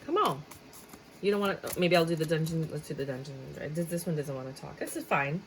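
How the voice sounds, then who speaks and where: A woman's voice: low voice, lively intonation, brisk, slight background noise, low-quality recording. A woman giving a casual tarot reading, chatty and dramatic, sometimes slipping into a sing-song tone. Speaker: tarot reader.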